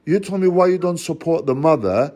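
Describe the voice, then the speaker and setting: A man's voice: a little high, expressive, fairly quick, a little mellow. A father on a phone call, accusing and confronting the person on the line in a heated rant. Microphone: phone call recording.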